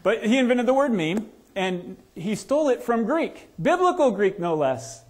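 Conversational preacher, higher-pitched man. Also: big pitch swings. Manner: conversational, asks the congregation questions; lowers to a soft, slow voice in prayer. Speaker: pastor. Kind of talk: sermon. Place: church sanctuary.

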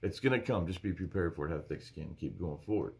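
A male pastor teaching from the Bible in an emphatic, animated preaching style. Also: low voice, brisk, creaky.

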